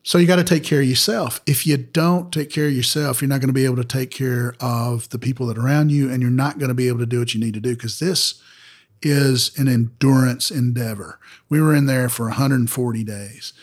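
A man, co-hosting a podcast, giving earnest advice and often trailing off softly. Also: medium pitch, fairly even intonation, fairly quick. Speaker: podcast co-host. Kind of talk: reflective podcast talk.

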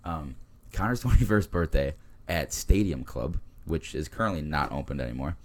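A deep-voiced man in his twenties, a podcast guest telling laid-back stories with lots of laughs and fillers. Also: expressive, moderate pace. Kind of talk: casual podcast chat.

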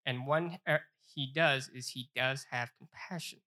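Man, Bible study teacher, bright voice, earnest, repeats himself and slows down for scripture. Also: medium pitch, fairly even intonation. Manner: earnest, repeats phrases, stumbles and restarts; reads scripture aloud with slow emphasis.

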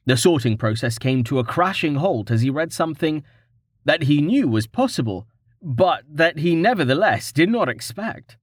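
A man narrating a fantasy novel in a measured, expressive reading. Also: a little high, slightly rough, dry recording, clean studio sound. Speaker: audiobook narrator.

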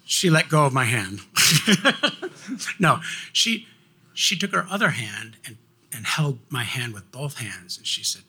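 Bright, husky man telling his story. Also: mid-range voice, unhurried, pauses often. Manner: animated, laughing, with many restarts. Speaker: speaker telling a personal faith story. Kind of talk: personal storytelling.

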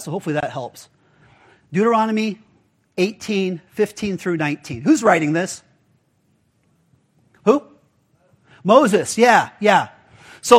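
A man pastor giving a casual, conversational sermon, full of rhetorical questions to the congregation. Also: high-pitched.

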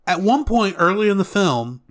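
Man, 30s, somewhat high-pitched, measured, dry, casual film chat. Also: big pitch swings. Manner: measured, deliberate, dryly teasing. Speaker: co-host. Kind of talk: calm film review chat.

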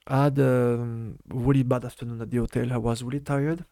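A middle-aged man from France with a French accent, recalling his football career in halting English full of fillers during a casual interview. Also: mid-range voice, little pitch movement, dark tone, dry recording, studio quality. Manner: halting non-native English with many fillers. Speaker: former footballer guest.

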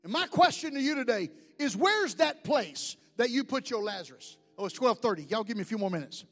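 A man preaching a sermon as pastor, swinging between shouted lines and hushed, whispered prayers. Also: very high voice, very animated, a little fast, hardly any pauses. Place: church sanctuary. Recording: long hall reverb with faint music.

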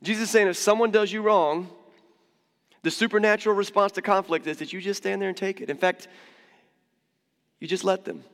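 Male pastor, higher-pitched voice, chatty and humorous sermon delivery, reverberant church hall. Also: brisk, pauses often, fairly bright tone. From United States. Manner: conversational, humorous, with frequent asides and restarts.

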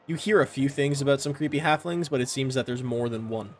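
A man narrates a tabletop game as its game master, loose and descriptive, dropping filler words as he goes. His pitch sits mid-range, and a faint hiss runs under the recording. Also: brisk.

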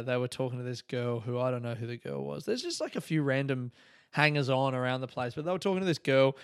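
A man's voice: medium pitch, smooth, dry recording. Male comic, podcast host; casual, swearing, wistful storyteller; resonant tone, tight dry sound. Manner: meandering, profane, nostalgic storytelling with laughs. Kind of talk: casual rambling monologue.

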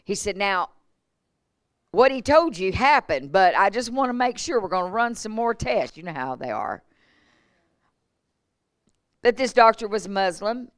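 A woman preaches at a revival, telling testimony stories with animated quoted voices and small laughs. Her voice sits a little low and comes across smooth and clear. The recording is dry, with almost no room sound. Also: dry recording. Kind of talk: sermon storytelling. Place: church.

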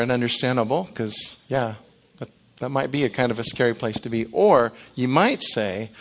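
Animated middle-aged male preacher. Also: mid-range voice, moderate pace. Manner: animated, acts out quoted reactions, frequent restarts. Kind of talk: sermon.

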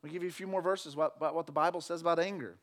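High bright-voiced preaching man. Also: steady tone, rapid-fire. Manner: preaching with loud emphatic shouts, then conversational with jokes. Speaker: pastor. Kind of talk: sermon.

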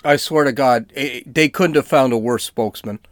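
A man's voice: medium pitch, normal speed, no echo, clean studio sound. A man hosting a casual political podcast, talking in a sarcastic, ranting way. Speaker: podcast host.

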